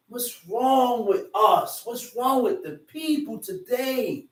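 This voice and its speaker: A man's voice: very high voice, slow pace, hardly any pauses. A male preacher giving an emphatic, repetitive sermon, reading scripture and restating it in slang. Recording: echoey room, far from the mic.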